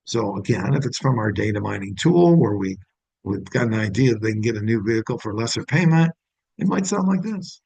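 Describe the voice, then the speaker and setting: A man's voice: lowish voice, expressive, fairly quick, gravelly, darkish tone, breathy edge, no room sound, rough recording. A middle-aged man giving a sales training talk, often acting out upbeat phone greetings to show the right tone.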